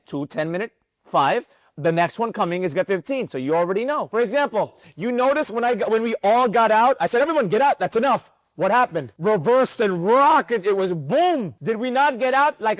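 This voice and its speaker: A high-pitched man leads a live day-trading class in a room full of students. He talks with bursts of energy, keeps throwing rhetorical questions at the group and drills his points home. The sound is dry and close. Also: no echo. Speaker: trading instructor.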